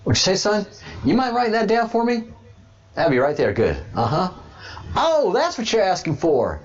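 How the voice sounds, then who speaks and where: A man puts on a creaky, high-pitched old countryman with a failing hearing aid. He drawls out road directions in a folksy way and calls everyone son. The sound is muffled and lo-fi. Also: huge pitch swings, moderate pace, exaggerated voice. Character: old hard-of-hearing rural Texan man giving directions.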